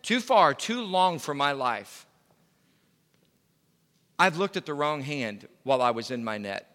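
A man's voice: fairly high pitch, lively intonation, unhurried, pushed and bright, long reverb tail. A male pastor preaching a sermon in a conversational way, full of fillers and restarts. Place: church sanctuary.

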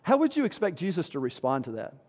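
Male pastor, high voice, emphatic sermon delivery in a church with long reverb. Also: sing-song, fast, darkish tone. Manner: emphatic, with rhetorical questions and sudden drops in volume.

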